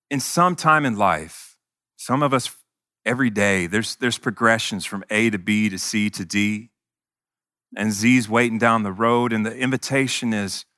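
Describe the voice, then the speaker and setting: Man, pastor, conversational sermon delivery, earnest and bright, dry close mic. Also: on the low side, no echo. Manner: earnest, conversational, self-deprecating humor.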